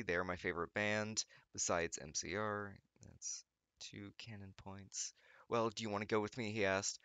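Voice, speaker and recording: A man's voice: on the low side, a little slow, sharp tone, no echo. A young man reading fan fiction aloud, breaking off often with sarcastic remarks and laughter. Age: young adult. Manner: sarcastic, laughs often, stumbles over words. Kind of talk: reading aloud with mocking commentary.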